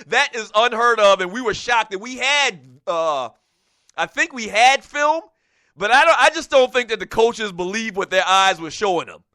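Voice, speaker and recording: Picture a Southern radio host with a thick Geechee accent, telling a football story in a high, bright voice. He gets animated and loud when he reaches the big moments. The mic sounds close and dry, with no room echo. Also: clear, resonant tone. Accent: Geechee, South Carolina Lowcountry. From South Carolina. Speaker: radio talk show host. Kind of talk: casual sports talk radio.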